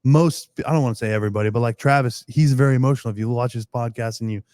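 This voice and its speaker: Laid-back football player telling a story. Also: male voice, mid-range voice, rapid-fire, a little mellow, no echo, studio quality. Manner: rambling, laughs often, restarts, curses casually. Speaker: guest, pro football long snapper. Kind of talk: casual podcast storytelling.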